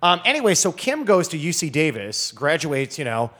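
Very animated, this man speaks at normal speed in a fairly high voice that's fairly bright yet husky. As a guest wine expert in a casual podcast conversation, he spins rambling stories with many fillers and restarts.

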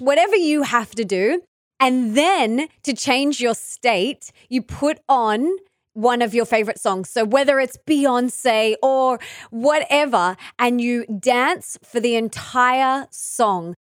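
A woman's voice: a little high, no room sound, clean studio sound. A woman hosting a podcast interview, enthusiastic and encouraging as she shares her own ideas. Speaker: podcast host. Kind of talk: conversational interview.

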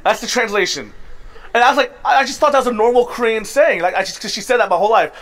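A man's voice: very high-pitched, fast, fairly bright tone. A man preaching a sermon to his congregation, conversational and emphatic, sometimes laughing at himself. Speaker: pastor. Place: church service.

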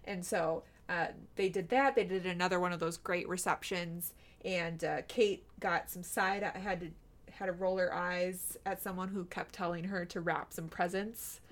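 A woman's voice: on the low side, steady tone, moderate pace. A woman co-hosting a casual chat, rambling with many fillers and restarts. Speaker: podcast co-host.

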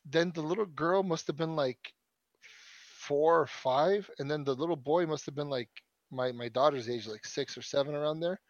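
A man's voice: a little high, normal speed, dry recording, lo-fi sound. A man in his thirties telling a long story in casual chat, swearing often and restarting his sentences. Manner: profane, rambling storyteller with many restarts.

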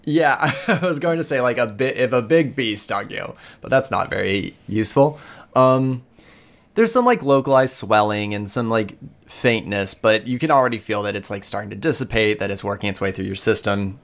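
Low-voiced man running a tabletop game. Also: normal speed. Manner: casual, hesitant, many fillers. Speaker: game master.

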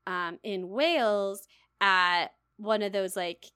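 A woman's voice: medium pitch, slow pace, clear, resonant tone, no echo, clean studio sound. A woman co-hosting a podcast, chatting casually and wryly with lots of fillers. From United States. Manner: animated, wry, many fillers like "like". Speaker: podcast co-host. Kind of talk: casual chat.

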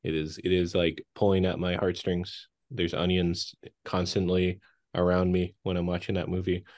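A man's voice: deep voice, completely flat delivery, normal speed, darkish tone. A young man co-hosting a podcast, chatting casually with lots of fillers and laughs. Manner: rambling, laughs often, many fillers. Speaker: podcast co-host. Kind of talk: casual chat.

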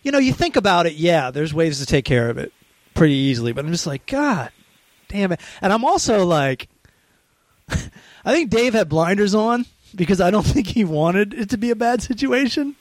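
A man with a high voice that swings widely as he tells an animated, profane story. He loudly acts out the people in it. The sound is dry and close, with no room echo. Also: normal speed. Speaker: podcast host. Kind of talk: casual phone chat.

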